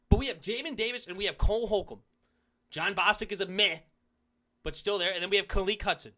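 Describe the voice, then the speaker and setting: A man hosting a casual sports talk show, animated and reacting to a rival's clip. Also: high-pitched, a little fast. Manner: animated, swings from heated to sheepish. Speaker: sports talk channel host.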